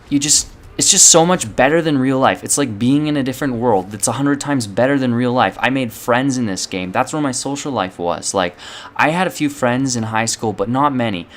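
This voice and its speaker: Young guy rambling thru a story to his viewers, lots of likes and you knows, cusses a bunch, normal pitch. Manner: rambling, many fillers, swears. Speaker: channel host. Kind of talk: casual storytelling to camera.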